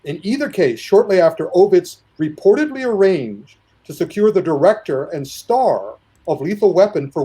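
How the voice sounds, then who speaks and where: A man reads from his notes in an even, storytelling manner. His voice is warm and mellow, and it sits a little above the usual male range. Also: high voice, husky. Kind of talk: reading notes aloud.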